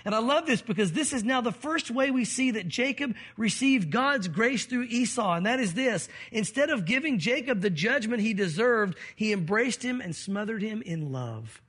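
A male pastor preaching with a high, husky voice. He walks through the scripture and now and then acts out the quoted voices of the people in the story. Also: animated, normal speed, hardly any pauses, fairly bright tone. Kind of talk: sermon.

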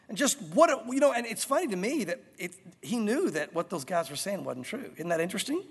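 Brief: an emphatic male pastor with a high voice, preaching a sermon in a hall with a long echo. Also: fast talker, hardly any pauses, breathy edge. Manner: animated, emphatic, enthusiastic.

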